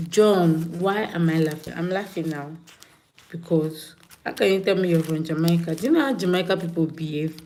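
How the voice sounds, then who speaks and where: A woman's voice: on the low side, moderate pace, darkish tone. A woman hosting a casual livestream, chatting with viewers and greeting them by name. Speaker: livestream host.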